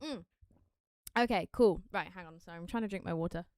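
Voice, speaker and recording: A woman's voice: lowish voice, fast talker, darkish tone, clear, resonant tone, no echo, studio quality. A woman musician chatting casually with viewers during a livestream watch party, bubbly and prone to interrupting herself.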